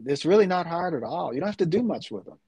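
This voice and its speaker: A man's voice: a little high, animated, quick pace, mellow, slightly rough, no room sound, muffled recording. A middle-aged man in a casual chat, talking with rambling enthusiasm. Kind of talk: casual chat about food.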